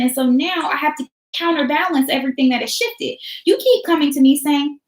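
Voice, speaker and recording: A woman's voice: high voice, expressive, fairly quick. A woman teacher hosting a motivational talk, speaking in an emphatic, preachy style with repeated phrases and casual slang. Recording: roomy echo.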